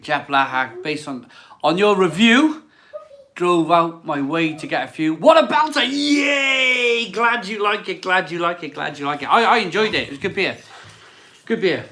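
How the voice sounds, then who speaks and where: A man in his forties hosts a relaxed live stream about beer, reading viewer comments aloud as he goes. His voice sits a little high and sounds bright and forward. He rambles, repeats his phrases and laughs easily. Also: normal speed. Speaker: beer channel host reading live chat. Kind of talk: casual live-stream chat.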